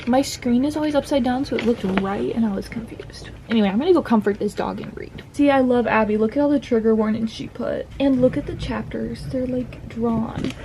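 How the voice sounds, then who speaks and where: A woman's voice: on the high side, fairly quick, hardly any pauses, noisy background. A young woman chatting casually about books at home, gushing and saying "like" a lot. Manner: chatty, gushing, says "like" often. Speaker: book vlogger. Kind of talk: casual chat. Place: home, during a storm. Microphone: phone or camera mic, clip-on mics dead.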